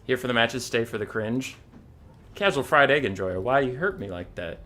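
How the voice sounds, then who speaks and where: A man streaming a strategy game who tells a jokey, animated story and then runs through the armies. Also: mid-range voice, moderate pace.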